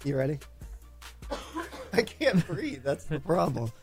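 A man's voice: on the high side, wildly swooping pitch, slow pace. A man in casual radio studio banter who laughs often and tries silly impressions, with faint music behind.

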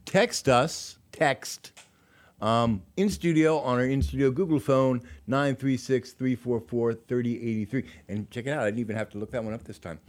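A man's voice: mid-range voice, normal speed. A man hosting a community radio show from the studio, chatting in an easygoing, joking way and reading a poem aloud. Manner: easygoing, joking, with frequent "um" fillers.

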